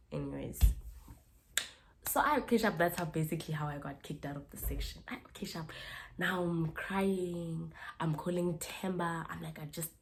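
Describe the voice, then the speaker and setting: A young woman from Africa, speaking in a fairly low voice. She tells a casual storytime, animated and chatty, re-enacting the back-and-forth with her own punchy delivery. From South Africa. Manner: animated, re-enacts exchanges, keeps asking "you understand?". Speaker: YouTuber.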